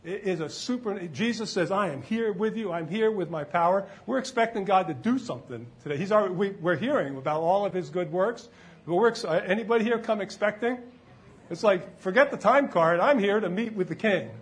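A pastor preaching a sermon in church, shifting from loud shouts of praise to relaxed, conversational teaching. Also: male voice, sits high, fairly quick.

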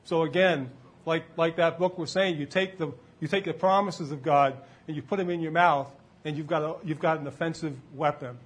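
A man's voice: on the high side, fairly even intonation, normal speed. A man preaching a sermon to a live congregation in a church, talking casually and quizzing the listeners with questions.

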